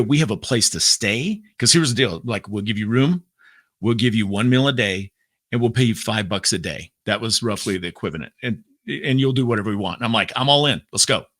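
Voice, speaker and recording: A man, a guest on an interview show, telling a story in a casual, lively way and acting out what he said back then. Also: medium pitch, no echo, studio quality. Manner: lively storyteller who acts out his own quotes; talks in bursts with many fillers and restarts. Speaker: podcast guest.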